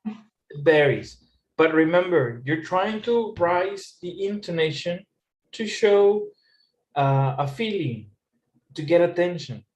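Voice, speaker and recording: A man's voice: on the high side, lively intonation, slow pace. A man teaching an English lesson, patiently repeating phrases and explaining rising intonation. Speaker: English tutor.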